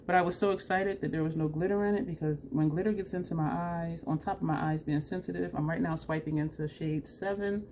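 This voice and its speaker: A woman's voice: low voice, darkish tone, slight background noise. A woman chatting casually through a makeup tutorial, self-deprecating and laughing often, with a runny nose. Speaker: makeup vlogger.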